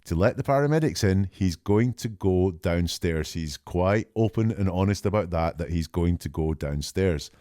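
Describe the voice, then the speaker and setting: A male podcast host giving measured, reflective analytical commentary and reading out quoted lines as he goes. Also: sits low, expressive, warm tone, dry recording, studio quality.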